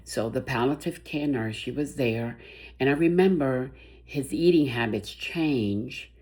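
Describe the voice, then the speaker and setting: Halting older woman recalling her grief. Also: extremely low pitch. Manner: halting and emotional, with many restarts and a soft voice. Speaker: bereaved mother. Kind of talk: personal storytelling.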